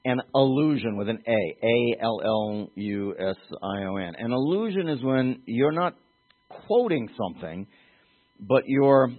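Man, pastor, teaching sermon, mid-pitched voice, narrow tinny sound. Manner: teaching, explains terms, asks congregation questions.

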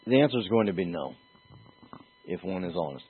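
A man preaching a sermon as pastor, earnest and emphatic, with pauses and restarts. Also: low-pitched, expressive, husky. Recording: tinny phone-like lo-fi sound.

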